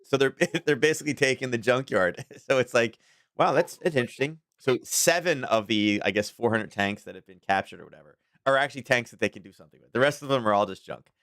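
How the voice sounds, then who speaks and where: A man hosts a live market analysis stream in a loose, rambling way, chuckling between points. His voice sits at a middling pitch, recorded close and dry with no room sound. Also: quick pace, a bit bright, dry recording. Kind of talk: casual market commentary.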